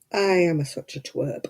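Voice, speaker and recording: A middle-aged woman chatting at home while she crochets, poking fun at herself and laughing often. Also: sits low. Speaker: crafting vlogger. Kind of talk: casual chat while crocheting.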